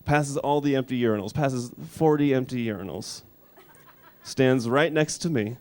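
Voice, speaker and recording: A man in his thirties doing a stand-up comedy set, deadpan and rambling, shouting when he acts out characters. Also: mid-range voice, normal speed. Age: 30s.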